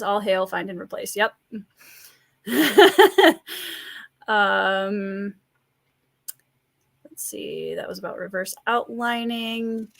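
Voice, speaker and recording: A woman with a Scandinavian Midwestern accent from rural Minnesota, hosting a relaxed live stream, chatting, laughing often and reading out viewer comments. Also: mid-range voice, vocal fry, dry recording. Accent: Scandinavian Midwestern American. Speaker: livestream host and writer.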